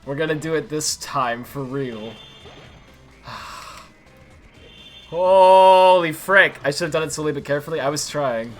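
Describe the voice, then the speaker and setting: A man streaming himself playing a game, chatting casually and yelling in frustration when play goes wrong. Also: on the high side, fast talker, hardly any pauses. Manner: excitable, yells at the game when things go wrong. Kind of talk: live-streamed gameplay commentary. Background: faint game music.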